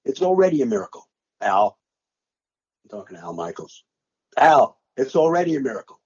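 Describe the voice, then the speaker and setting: Older man, sportscaster, dramatic storytelling, husky, dull lo-fi sound. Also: medium pitch, big pitch swings, brisk. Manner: dramatic, re-enacts his own play-by-play calls. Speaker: sportscaster recalling a game he called. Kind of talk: animated storytelling interview.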